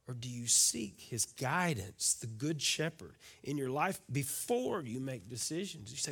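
A male pastor preaching a sermon, folksy and full of questions to the congregation, swinging from loud declarations to hushed, quiet lines. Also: mid-range voice, big pitch swings, normal speed, few pauses, slightly rough.

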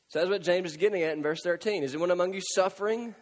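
A man preaching a sermon, impassioned, swinging from loud pleading cries to hushed, near-whispered lines. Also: high voice, racing, big-room sound. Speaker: pastor.

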